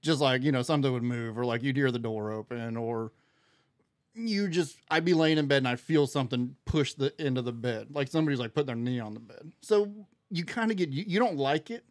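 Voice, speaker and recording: A man of average pitch talks animatedly as a podcast guest, acting out the lines of people in his story. The sound is dry and close, with almost no room around him. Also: brisk, no room sound. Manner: animated storyteller, acts out quoted dialogue. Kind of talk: casual storytelling chat.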